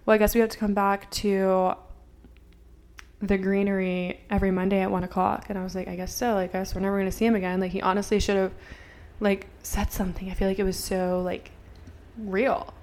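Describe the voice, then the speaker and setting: A woman's voice: mid-range voice, level tone, brisk, a little mellow. Chatty young woman telling a story. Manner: chatty, filler-heavy, acts out dialogue with swearing. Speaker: podcast co-host. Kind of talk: casual storytelling chat.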